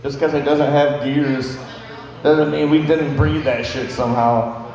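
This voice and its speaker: Profane rambling young comic in echoey hall. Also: male voice, mid-range voice, little pitch movement, a little slow, darkish tone. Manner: rambling, profane, filler-heavy. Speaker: stand-up comedian. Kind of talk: stand-up comedy storytelling. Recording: echoey hall with long reverb.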